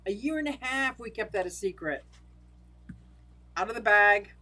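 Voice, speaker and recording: A woman's voice: medium pitch, animated, moderate pace, pushed and bright, low-quality recording. Chatty older woman hosting a livestream. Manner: chatty, laughs often, answers viewers by name. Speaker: livestream host. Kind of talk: casual livestream chat reading comments.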